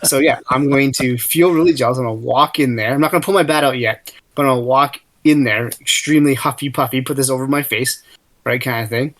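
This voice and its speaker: Talking fast in a mid-range, fairly bright voice, a man plays a tabletop game, describing what his character does in a rambling way. He slips into heated, heavily profane in-character speech during this casual role-play.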